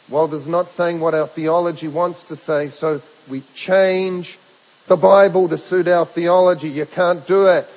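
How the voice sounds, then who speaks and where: A man preaching a sermon, emphatic, asking rhetorical questions and slowing down on key words. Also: sits high. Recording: dull lo-fi sermon recording with hall reverb.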